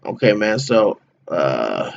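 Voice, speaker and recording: A man hosts a casual livestream and greets his viewers by name in easy slang. He speaks slowly, with plenty of room between his words. The sound is a little dull and lo-fi. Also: on the low side, big pitch swings, creaky. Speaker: livestream host.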